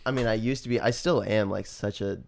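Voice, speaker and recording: Young man, low voice, casual podcast talk, rambling, fillers, laughs often. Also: brisk, creaky. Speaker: podcast co-host. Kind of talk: casual chat.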